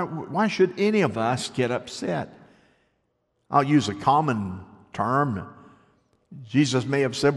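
An older male pastor preaching a sermon, telling personal stories in an even, mid-pitched voice. He moves from lively, raised stretches down to soft, hushed ones. The sound carries a long hall reverb. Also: takes it slowly.

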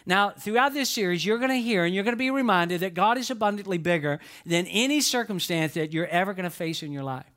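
A man's voice: high-pitched, lively intonation, fast, few pauses, a bit bright. A man preaching a sermon, folksy and storytelling, with emphatic rises. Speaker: pastor. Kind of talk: sermon with humorous stories.

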